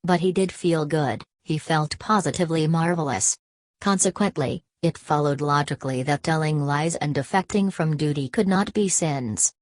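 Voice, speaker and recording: Low-voiced woman reading a novel. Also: normal speed, no room sound. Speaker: audiobook narrator. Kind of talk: scripted narration.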